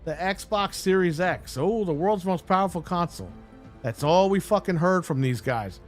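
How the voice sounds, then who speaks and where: Fired-up guy ranting on stream, swears nonstop, kinda high voice, bit of music in the back. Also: animated, normal speed. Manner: angry, blunt and heavily profane, mocking voices he quotes. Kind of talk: profane rant on a live stream.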